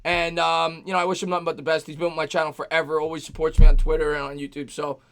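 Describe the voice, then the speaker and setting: High-voiced excitable man calling a game. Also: very fast. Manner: excitable, shouts at big plays, reads donations aloud. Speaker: host of a sports reaction livestream. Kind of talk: excited live play-by-play and chat.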